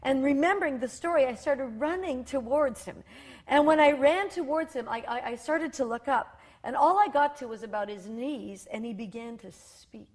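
A woman in her fifties from rural Saskatchewan, a talk show guest telling a personal testimony in animated storytelling with many restarts. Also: high voice, normal speed. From rural Saskatchewan, Canada.

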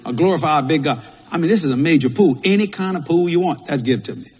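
Folksy preacher in a big hall. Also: male voice, a little high, fast talker, a little mellow, slightly rough. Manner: folksy, repetitive preaching with Southern turns of phrase. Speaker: pastor. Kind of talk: sermon. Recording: long hall reverb.

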